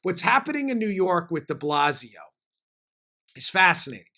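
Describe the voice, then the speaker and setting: A man hosting a political commentary podcast, talking in an animated, emphatic way with frequent fillers. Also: high voice, normal speed. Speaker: podcast host.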